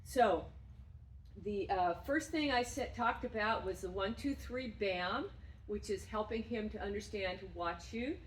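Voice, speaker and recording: A woman dog trainer explaining and demonstrating games with her dog, breaking into loud, effusive praise. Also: medium pitch, a little slow, a little hiss or hum. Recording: roomy sound from a distance.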